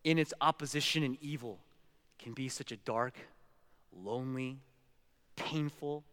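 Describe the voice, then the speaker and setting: A man's voice: medium pitch, a little slow, fairly bright tone. A male pastor giving a sermon, stressing words one by one and slipping into storytelling. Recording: long hall reverb.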